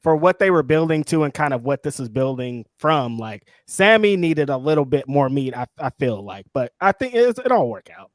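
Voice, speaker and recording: Man, co-host, casual wrestling recap, lively swooping pitch, dry close sound. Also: moderate pace, few pauses, no room sound. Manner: animated storyteller, acts out quotes in high voices.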